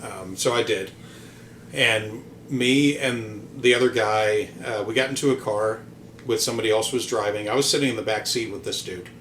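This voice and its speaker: A man's voice: on the low side, normal speed, fairly bright tone, a little hiss or hum. Rambling man telling a story. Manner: rambling, hesitant with many ums and restarts, swears casually. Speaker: podcast host. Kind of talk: casual podcast storytelling.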